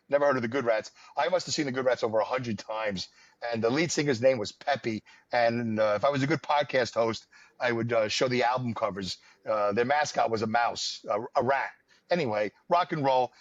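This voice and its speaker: Medium in pitch and brisk in delivery, this podcast host from the New York area tells meandering, wry stories in relaxed conversation, leaning heavily on fillers. There's no room sound, just a dull, dry lo-fi recording.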